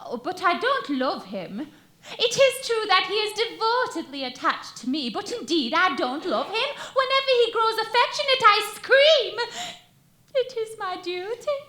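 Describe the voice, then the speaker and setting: A woman's voice: very high-pitched, sing-song, a little slow, pushed and bright, heavily acted. Woman playing a torn, melodramatic young milkmaid. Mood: earnest. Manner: earnest, breathless, melodramatic. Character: young milkmaid torn between duty and love. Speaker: stage actor. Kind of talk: amateur stage musical acting. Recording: echoey theater stage.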